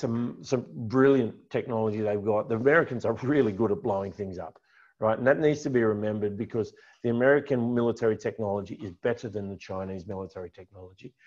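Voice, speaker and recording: A man talks clients through his slides in a conversational, emphatic way, repeating the points he wants to stick. His voice sits at an ordinary middle pitch. The recording is dull and lo-fi, like webinar audio. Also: darkish tone. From Australia. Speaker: financial adviser giving a client update. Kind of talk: presentation with slides.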